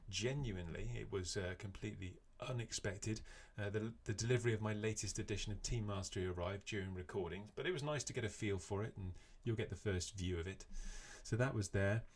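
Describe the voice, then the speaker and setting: Brief: middle-aged podcast host, low-pitched, easygoing and chatty. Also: male voice, brisk, hardly any pauses. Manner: relaxed, chatty, with frequent fillers. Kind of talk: casual podcast chat.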